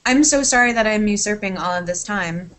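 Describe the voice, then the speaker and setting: A woman's voice: medium pitch, a little fast, a bit bright. A woman in casual podcast chat, telling a rambling, sidetracked story with casual swearing and a lot of apologizing.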